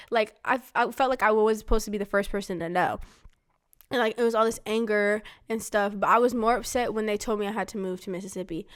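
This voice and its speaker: A young woman from Florida casually recounting her past, animated and laughing, acting out the voices of the people she quotes. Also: mid-range voice, brisk, smooth. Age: young adult. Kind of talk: casual storytelling conversation.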